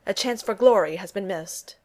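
A woman's voice: medium pitch, normal speed, a little mellow, lightly acted. A woman voicing a boisterous, loyal male warrior god who speaks in formal, old-fashioned phrases in a storybook reading. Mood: mournful.

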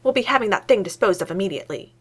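Female reader voicing a prickly male scholar, low, dry and clipped. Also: lively intonation, rapid-fire, husky. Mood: grumbling. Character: fussy, grumbling British male academic.

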